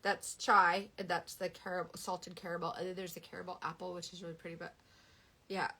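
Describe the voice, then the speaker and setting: A woman in her thirties chats casually and dramatically, her voice bright and forceful. She talks with big swings of feeling. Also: fairly low pitch, fairly quick, husky. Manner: animated, dramatic, Southern US sayings. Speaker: beauty seller on a live stream. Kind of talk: casual chat.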